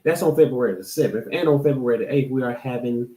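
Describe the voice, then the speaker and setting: A man's voice: mid-range voice, fast, mellow, roomy sound, rough recording. A man from Florida, hosting a casual show intro and joking directly with his viewers. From American South, Florida. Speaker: host.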